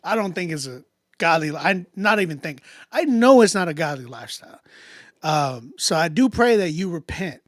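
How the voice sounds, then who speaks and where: This livestream host reviews music in a relaxed, slangy chat, laughing frequently and often starting over. His fairly high voice has a sing-song lilt at normal speed, and the recording is dry and studio quality.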